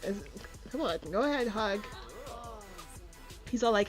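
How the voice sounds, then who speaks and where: A woman's voice: medium pitch, soft background music. Chatty woman narrating her gameplay. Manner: chatty, giggly, voices sims' thoughts in quick asides. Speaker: streamer. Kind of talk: casual gameplay commentary.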